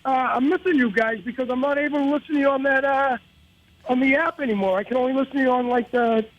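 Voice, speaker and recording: A male caller with a Boston accent, talking in an excited, rambling way. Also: very high-pitched, fast talker, phone-quality sound.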